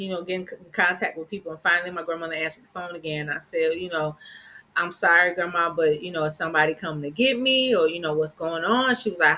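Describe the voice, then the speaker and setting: A woman podcast host, telling a personal story in an animated, laughing way and acting out the voices of people she quotes. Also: fairly low pitch.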